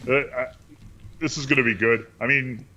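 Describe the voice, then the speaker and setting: A man's voice: medium pitch, steady tone, bright, forceful tone. A man co-hosting a sports podcast, joking and playful, talking into his own podcast microphone. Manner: joking, playful, drawn-out teasing lines. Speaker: podcast co-host. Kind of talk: casual sports chat.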